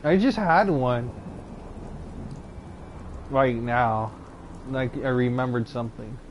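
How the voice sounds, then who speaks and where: A mid-range male voice moves at a slow pace, with a little hiss or hum in the audio. The speaker, a young channel host, casually recounts his own stories, rambling and hesitant with frequent fillers and restarts.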